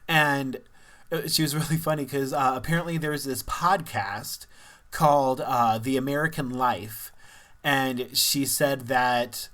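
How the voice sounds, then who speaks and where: A man's voice: medium pitch, fairly even intonation, measured pace, a bit bright. A young man from Missouri talking candidly in a casual personal vlog, rambling and laughing now and then. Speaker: vlogger.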